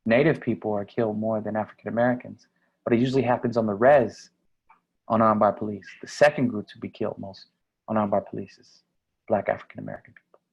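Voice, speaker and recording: A man giving a conference keynote speech, energetic and asking the audience questions. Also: lowish voice, fast talker, creaky, slightly rough, dull audio. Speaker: keynote speaker.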